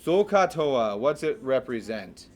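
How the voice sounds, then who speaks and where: A man's voice: mid-range voice, big pitch swings, unhurried, a little mellow. A man teaching a math class in a classroom, chatty and joking, asking his students questions as he lectures.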